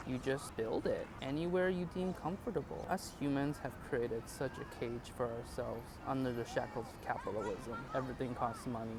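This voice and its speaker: A man in his twenties, wry and joking, talking to his handheld camera as he walks city streets and eats in a restaurant. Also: mid-range voice. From China. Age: 20s. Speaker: vlogger. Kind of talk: casual walking vlog. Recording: noisy street recording.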